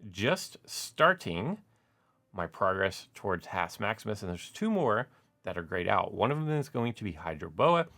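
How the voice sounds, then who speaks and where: A man's voice: on the low side, big pitch swings, moderate pace, fairly bright tone. A man giving casual, rambling gameplay commentary as a gaming YouTuber, full of "like" and "uh" fillers.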